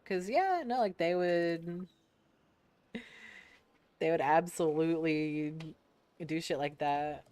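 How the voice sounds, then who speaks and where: This young American woman's voice sits low and has a darkish yet clean tone; she speaks slowly and leaves long pauses. While streaming a game she tells easygoing stories, cursing freely, laughing often and performing the voices of people she quotes.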